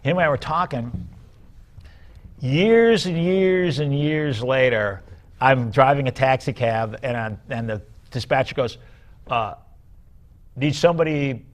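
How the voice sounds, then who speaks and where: An older man, a musician rambling through animated stories in casual chat and acting out the people he quotes. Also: medium pitch, unhurried. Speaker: guest musician.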